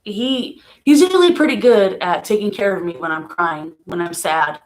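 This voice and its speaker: A woman talking casually on a home live stream about a painful loss, emotional and soft-spoken, laughing through sadness at times. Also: medium pitch, normal speed. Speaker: vlogger.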